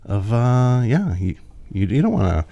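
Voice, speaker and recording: A man's voice: medium pitch, big pitch swings, a little slow, mellow, highs cut off. A man co-hosting a casual podcast, tossing in joking asides with some stumbling restarts. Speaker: podcast co-host. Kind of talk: casual chat.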